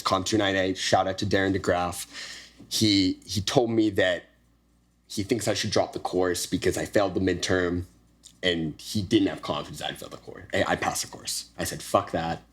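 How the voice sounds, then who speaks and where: A young man hosting a podcast, telling a personal story in a casual, animated way and acting out the dialogue with frequent swearing. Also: low-pitched. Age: young adult. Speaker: podcast host. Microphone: podcast studio microphone.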